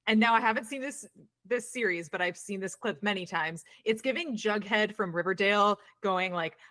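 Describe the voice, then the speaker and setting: A woman's voice: medium pitch, moderate pace, sharp tone. A young woman co-hosting a casual movie chat, with a dry, sarcastic edge and frequent laughter. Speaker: podcast co-host.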